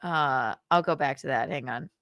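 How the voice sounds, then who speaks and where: A woman's voice: very deep voice, moderate pace, fairly bright tone, no echo. A young adult woman hosting a casual livestream, gossiping, laughing and swearing freely. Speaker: livestream host.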